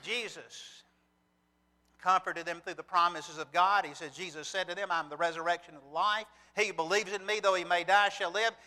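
High, bright preacher in an echoing hall. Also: male voice, fairly even intonation, moderate pace. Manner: earnest, with rhetorical questions and scripture reading. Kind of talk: sermon. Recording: long reverb from a large hall.

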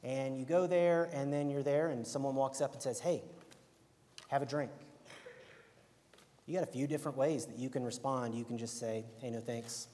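This time his mid-range, mellow voice moves at a moderate pace with long pauses, and a little hiss or hum sits in the background. The young Alabama-accented preacher stays conversational, asking "right?" often, with long hall reverb around him.

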